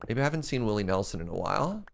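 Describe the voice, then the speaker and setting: Chatty man with a gravelly low voice. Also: big pitch swings, rapid-fire, a little hiss or hum. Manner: chatty, answers chat questions with self-deprecating jokes. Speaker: game streamer. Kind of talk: casual live-stream chat while playing.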